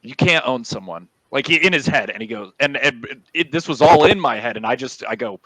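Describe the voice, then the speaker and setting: Animated young man telling game stories. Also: medium pitch, brisk, husky, no room sound, low-quality recording. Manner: animated, laughing storyteller. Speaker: guest, D&D player. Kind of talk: casual storytelling on a video call. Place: home, on a video call.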